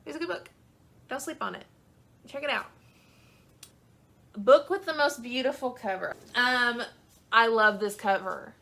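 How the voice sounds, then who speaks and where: A woman's voice: fairly high pitch, unhurried, long pauses, sharp tone. A young woman talking about books in a casual video, chatty and gushing, with lots of "um" and "like". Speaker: book vlogger. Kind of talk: casual chat.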